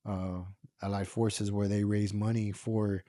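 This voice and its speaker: A man's voice: fairly low pitch, flat delivery, unhurried, warm tone, no room sound, clean studio sound. A man from the United States telling a personal story in a casual, rambling way, full of fillers and the odd swear word. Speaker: podcast guest.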